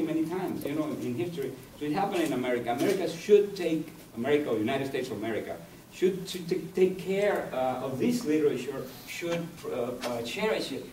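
A male poet from Cuba with a slightly high, darkish voice delivers a university lecture in English, though Spanish is his native tongue. He's halting and digressive, reaching for words, heard through a distant mic in an echoey room with faint hiss.

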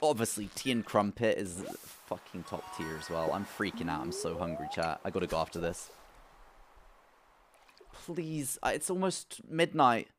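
A young man streaming a farming game, who swings from loud outbursts to low muttering. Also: animated, normal speed, a little hiss or hum. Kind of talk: live gameplay commentary.

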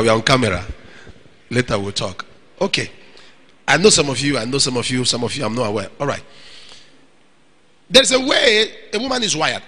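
A man preaching a sermon to young single men, animated and playful, acting out little scenes. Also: on the high side, slightly rough, big-room sound. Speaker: pastor.

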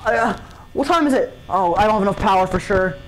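A woman's voice: medium pitch, expressive, quick pace, a little hiss or hum, poor audio. A woman giving let's-play commentary on a horror game, panicky, swearing and talking to herself with sudden yelps. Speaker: gamer.

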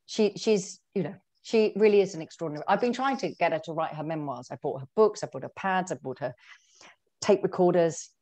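A middle-aged woman, an author, telling personal stories in a chatty, animated way with lots of fillers and restarts. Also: fairly low pitch, brisk. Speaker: guest author. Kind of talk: conversational storytelling.

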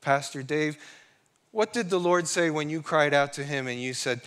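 A middle-aged man preaching a sermon in an earnest way, slowing down to sing and quote scripture. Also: a little high, fairly bright tone, clear, resonant tone.

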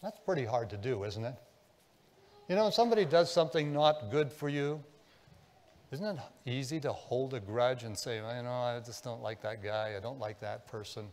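Pastor preaching in a reverberant church. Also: male voice, mid-range voice, normal speed. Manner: storytelling, swinging between hushed and impassioned. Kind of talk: sermon. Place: church sanctuary.

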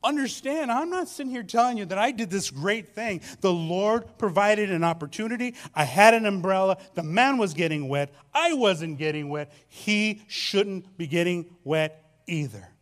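A man preaching a sermon as pastor, telling stories with repeated phrases and swinging between loud and soft delivery. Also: high-pitched, lively intonation, normal speed, few pauses. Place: church sanctuary.

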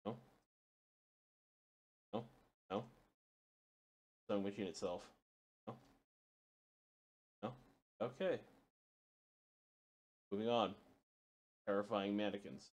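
A man with a fairly low voice plays through a horror game, reading notes aloud in a halting way that trips over words and starts again. He breaks off to swear or yelp when something startles him. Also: steady tone, darkish tone. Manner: reads in a halting way, stumbling and restarting words. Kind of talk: let's play commentary.

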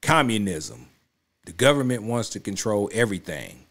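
A man with a lowish, slightly bright voice hosts a reaction video, sounding very animated at a moderate pace. His casual commentary is emphatic and repetitive, and he often checks in with listeners by saying "you know what I'm saying."

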